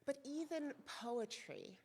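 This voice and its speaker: A woman minister giving a soft, reflective sermon, lingering on her words. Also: high-pitched, very animated, slow, slightly rough, big-room sound. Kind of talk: slow, gentle sermon. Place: church sanctuary.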